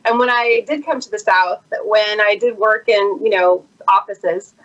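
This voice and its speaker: A woman from California who does voiceover work, co-hosting a podcast and talking quickly with lots of "like". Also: mid-range voice, fairly bright tone, recorded from a distance, dull audio. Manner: fast talker, says "like" a lot. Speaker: podcast co-host and voiceover artist. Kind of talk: casual interview chat.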